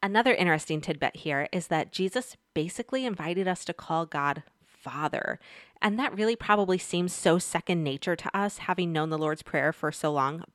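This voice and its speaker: A woman's voice: lowish voice, no echo, clean studio sound. A woman giving a casual devotional Bible lesson, chatty and speaking straight to her viewers with questions. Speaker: Bible teacher.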